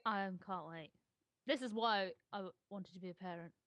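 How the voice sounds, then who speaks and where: A woman's voice: medium pitch, normal speed, a bit bright, no room sound, dull audio. A young woman chatting casually while gaming, teasing and giggling as she tells stories. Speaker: gaming co-host.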